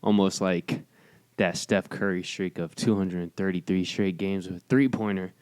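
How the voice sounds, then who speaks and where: A man's voice: sits low, steady tone, normal speed, darkish tone, clean tone, no room sound. A man co-hosting a casual podcast, cutting in with jokes. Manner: joking interjections. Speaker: podcast co-host.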